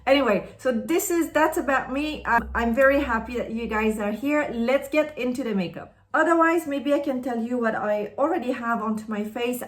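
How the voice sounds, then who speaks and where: Speaking at a medium pitch, a woman from Canada, French being her native language, rambles warmly on her beauty vlog while she unboxes and reviews products.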